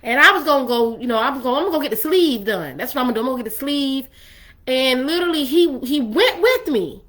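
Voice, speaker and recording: Bright, high-voiced woman preaching casually. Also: animated, fast talker. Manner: conversational, emphatic, preacherly. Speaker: ministry host. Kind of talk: faith-based relationship talk.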